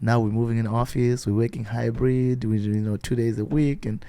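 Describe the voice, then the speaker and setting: A man's voice: medium pitch, fairly even intonation, a little fast, mellow, smooth, no echo. A man with an African accent hosting a casual podcast, talking in loose, self-correcting bursts and laughing often. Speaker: podcast host.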